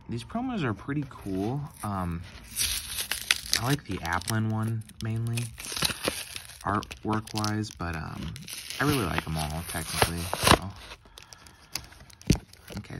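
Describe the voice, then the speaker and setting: A young man hosting a card-opening vlog, talking softly and hesitantly with lots of ums as if still sleepy. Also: low voice, expressive, measured pace, long pauses, very noisy. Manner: soft-spoken and hesitant, many ums and likes, near-whispering. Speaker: card-opening channel host. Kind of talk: casual pack-opening vlog.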